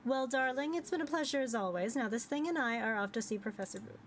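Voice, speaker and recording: A woman's voice: on the high side, animated, quick pace, soft background music, natural voice. A woman voicing a proud, scornful woman adventurer in a visual novel, with a cool, dismissive delivery. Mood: haughty.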